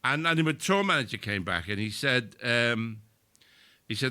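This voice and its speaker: A man's voice: mid-range voice, animated, moderate pace, sharp tone. An older male comedian telling sweary anecdotes on a live podcast, laughing as he goes. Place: live venue with audience.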